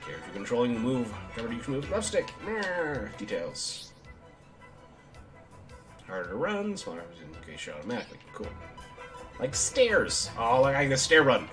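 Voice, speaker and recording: A man's voice: medium pitch, wildly swooping pitch, moderate pace, long pauses, music in the background. A man giving casual let's play commentary, chatty and reading tutorial text aloud. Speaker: gaming streamer.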